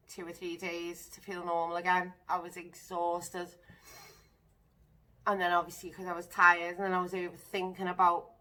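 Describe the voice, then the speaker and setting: A woman candidly recounting a personal experience to camera, vivid and emotional, sometimes dropping into breathy whispers. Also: on the low side, pushed and bright. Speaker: vlogger sharing personal experience.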